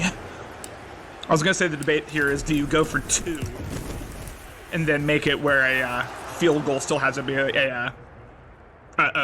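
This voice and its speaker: A young man giving casual play-by-play commentary of a video game, excitable and bursting into shouts on big plays. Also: on the high side. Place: library. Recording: noisy background.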